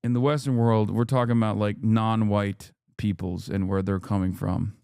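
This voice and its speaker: A man's voice: on the low side, flat delivery, normal speed, creaky, darkish tone, slight background noise. A man giving emphatic, profane reaction commentary on a live stream, repeating points for emphasis.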